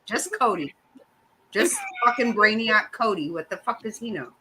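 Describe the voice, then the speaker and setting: A woman's voice: medium pitch, expressive, moderate pace, bright, forceful tone, slight background noise, rough recording. A middle-aged woman hosting a casual chat, ranting bluntly and swearing often. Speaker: host.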